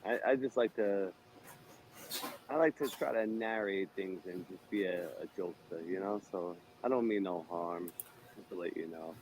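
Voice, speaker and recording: A man vlogging on the street, giving a loud, profane, teasing running commentary with bursts of mock excitement. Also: deep voice, normal speed, background noise. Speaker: street vlogger narrating what he films.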